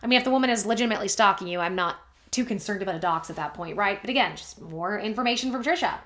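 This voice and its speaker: A woman's voice: mid-range voice, very fast, fairly bright tone. A woman hosting a commentary video, recapping online drama in a chatty way with wry asides. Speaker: commentary channel host. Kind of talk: gossip commentary, reading and reacting. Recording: echoey room.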